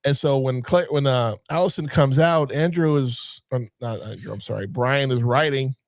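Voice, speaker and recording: A man talking casually about a film on a podcast, recapping scenes in a profane, animated way. His voice sits at a middle pitch, and the sound is dry and close with no room echo. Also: normal speed. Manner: profane, animated retelling of scenes with mimicked lines. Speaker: movie review podcast co-host.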